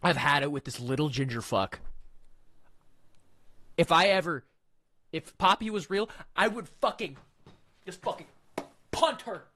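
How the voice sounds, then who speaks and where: A man's voice: on the high side, unhurried, long pauses, sharp tone. A man giving angry, incredulous let's-play commentary, swearing often. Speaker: gaming commentator.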